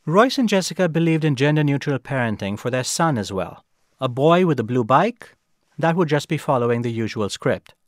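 A man hosting a radio program, narrating in a measured storytelling manner and asking gentle, probing questions. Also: mid-range voice, animated, dry recording, studio quality. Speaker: host and interviewer. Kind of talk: scripted radio narration and interviewing.

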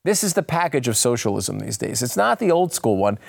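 A man hosting a political commentary show, tired and a bit hoarse, talking in a rambling way that often breaks off and restarts. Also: medium pitch, brisk. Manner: rambling, self-interrupting, animated asides. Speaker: show host.

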